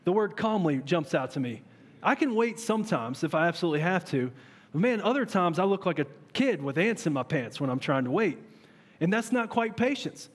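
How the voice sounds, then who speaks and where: A man in his thirties preaching a sermon as a pastor, earnest and animated, asking his listeners questions. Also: sits high, a little fast. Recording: long reverb of a large hall.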